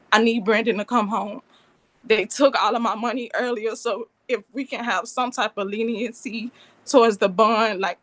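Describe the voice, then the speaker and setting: A woman's voice: medium pitch, fairly bright tone, dry recording. A woman in her twenties making an emotional, rambling plea at a court hearing over a remote call. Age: 20s. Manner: emotional, pleading, run-on sentences. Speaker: alleged victim addressing a bond hearing.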